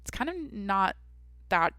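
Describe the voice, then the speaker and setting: A woman's voice: medium pitch, sing-song, a little slow, sharp tone, smooth, no echo. Candid young woman hosting a podcast. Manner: rambling, candid, swears casually. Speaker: podcast host. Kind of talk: casual solo podcast chat. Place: small home studio. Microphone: studio microphone.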